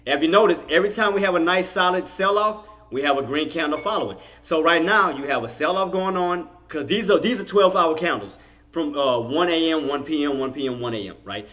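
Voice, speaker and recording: A man's voice: a little high, normal speed. A man hosting a live trading stream, chatting casually with viewers and bragging that his market call came true. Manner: animated, bragging, laughs often, talks to chat. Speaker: trading livestream host.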